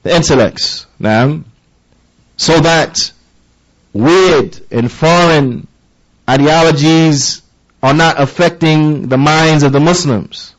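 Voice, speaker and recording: A man's voice: a little high, slow pace, rough recording. A man giving a sermon-style lesson, emphatic and repetitive, often checking in with his listeners with rhetorical questions. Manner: emphatic, repeats key phrases, asks listeners rhetorical questions. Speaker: religious teacher.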